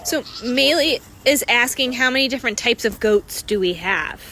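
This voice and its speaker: A woman's voice: fairly high pitch, animated, moderate pace, sharp tone, slight background noise. A woman moderating a live stream, reading out viewer questions in an upbeat way.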